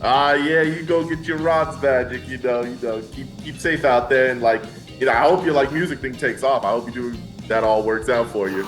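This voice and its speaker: A man's voice: medium pitch, a little fast, lightly acted. Dude doing a chatty young student guy, loose and casual, faint music behind. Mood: friendly. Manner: casual, filler-heavy, laughs between lines. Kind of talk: tabletop role-play over phone call.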